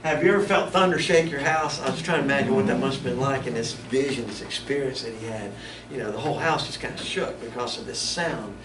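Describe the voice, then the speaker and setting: Bible teacher talking in an echoey room. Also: male voice, mid-range voice, quick pace, few pauses, recorded from a distance. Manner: conversational, stops and restarts often. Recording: echoey room, mic from afar, background noise.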